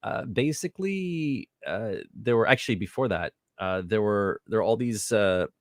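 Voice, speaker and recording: A middle-aged man on a video call interview, telling stories in a rambling, self-deprecating, animated way through a home microphone. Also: fairly low pitch, moderate pace, no room sound, studio quality. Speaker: guest, theatre artistic director. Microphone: home USB microphone on video call.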